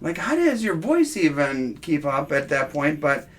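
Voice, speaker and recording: A man's voice: fairly high pitch, big pitch swings, measured pace. A man hosting a casual interview, then chatting easily while showing off his purchases. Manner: chatty, easygoing, exclaiming over finds. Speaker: host. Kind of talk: casual chat and show-and-tell.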